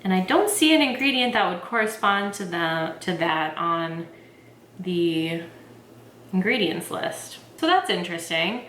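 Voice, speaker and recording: A young adult woman chatting excitedly to camera as a tea vlogger, filling her talk with "like". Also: lowish voice, unhurried, reverberant, slight background noise. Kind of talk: casual chat to camera.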